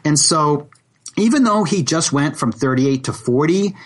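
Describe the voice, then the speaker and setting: A man's voice: fairly high pitch, a little slow. A man, a salary negotiation coach, telling stories as a podcast guest and acting out the quotes. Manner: animated storyteller who acts out quotes. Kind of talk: podcast interview.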